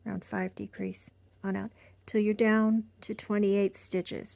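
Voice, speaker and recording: A woman teaching knitting in an unhurried, soft-spoken way, often slipping into a half-whisper and sounding a little short of breath. Her voice is mellow and gravelly. The sound is close and dry, with no room echo. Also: mid-range voice, flat delivery. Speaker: knitting instructor. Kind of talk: casual tutorial instruction.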